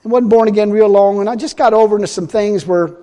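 A man preaching a sermon in a folksy way, repeating himself and swinging between loud and hushed. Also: high-pitched, fast. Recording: long hall reverb.

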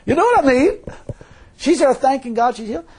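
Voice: sits high, a little mellow. A preacher giving a sermon in a folksy, emphatic, colloquial way, full of rhetorical questions.

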